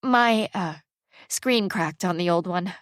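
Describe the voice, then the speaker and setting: A woman's voice: lowish voice, slow, no echo, studio quality. A woman reading the part of an anxious mother who keeps her voice tense but tries to sound casual, in an audiobook. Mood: nervous. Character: anxious mother hiding a secret.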